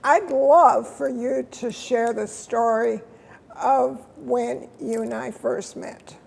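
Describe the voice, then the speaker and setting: Slow, gravelly woman leading a panel. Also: a little high, a little mellow, slight background noise. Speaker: program leader and host. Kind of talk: panel discussion.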